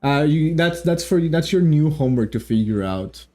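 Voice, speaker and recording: A man's voice: on the high side, animated, normal speed, darkish tone. A man giving casual commentary on a story game as a streamer, rambling with lots of restarts and joking asides.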